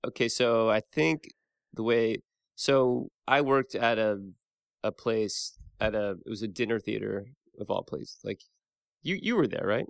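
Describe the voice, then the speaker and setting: A man in his thirties rambles through easygoing conversation, circling back and restarting his thoughts. His voice sits mid-range with a gravelly, creaky edge. The recording is dry and close. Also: on the low side, unhurried, no echo. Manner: rambling, many restarts and fillers. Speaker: podcast guest host. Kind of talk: casual chat.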